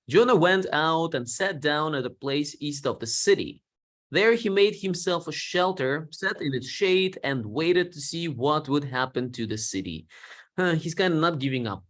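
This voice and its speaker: A man teaching a Bible story lesson, explaining words simply and slowing down for learners. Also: on the high side, lively intonation, a bit bright. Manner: acts out quoted lines with feeling.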